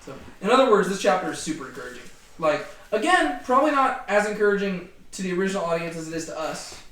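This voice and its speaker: High-pitched guy leading a bible study, chatty, sounds far off from the mic. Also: fast talker. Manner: animated, many fillers like "like" and "right?". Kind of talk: casual Bible study discussion. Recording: echoey room, distant from mic.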